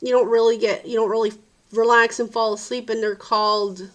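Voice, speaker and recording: A woman's voice: a little high, level tone, a little fast, fairly bright tone. Tired, ranting woman vlogger. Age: adult parent. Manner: profane, exasperated ranting. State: sleep-deprived, tired. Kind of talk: casual venting vlog.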